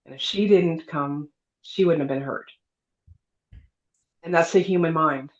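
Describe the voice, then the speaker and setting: A woman's voice: sits low, measured pace. A middle-aged woman tells a personal story to an interviewer at an easy, casual pace. She slips into the voices of the people she quotes and leans on fillers like "you know" and "um". The recording is a bit dull and lo-fi. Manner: lively storyteller, acts out quoted dialogue, many fillers. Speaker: guest telling her near-death story. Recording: dull lo-fi sound.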